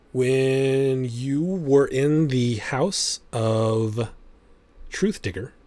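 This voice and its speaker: A man narrating a tabletop game as its game master, laying out scenes in a slow, unhurried manner. His voice is dry and close, with almost no room around it. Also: mid-range voice, a little mellow, no echo. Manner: measured, descriptive narration.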